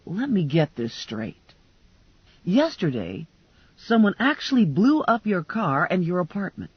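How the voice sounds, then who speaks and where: A woman reading an audiobook, voicing a blunt, teasing male cop in a husky, lowered voice. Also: big pitch swings, a little slow, no echo, full character voice. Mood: exasperated. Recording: dull lo-fi dry recording.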